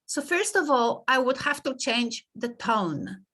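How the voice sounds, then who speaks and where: A woman teaching a class over a video call, explaining in a lively, conversational way with frequent laughs. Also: sits high, a little slow. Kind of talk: online lecture.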